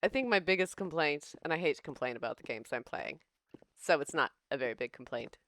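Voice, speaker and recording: A woman's voice: low-pitched, lively intonation, a little fast, fairly bright tone. A young American woman streaming a game, chatting casually with her viewers and laughing often. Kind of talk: casual live-stream chat while playing.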